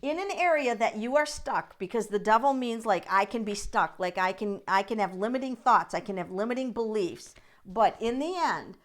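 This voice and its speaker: A woman's voice: medium pitch, expressive, moderate pace. A middle-aged woman hosting a live tarot reading stream, chatting in an encouraging way and addressing viewers by name. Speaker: tarot reader and livestream host.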